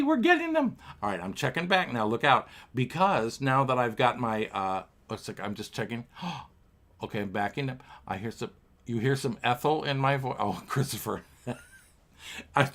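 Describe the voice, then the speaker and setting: A man's voice: mid-range voice, fairly bright tone. A man hosting a home livestream piano bar, singing show tunes and chatting playfully with viewers as he reads their comments aloud. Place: home apartment.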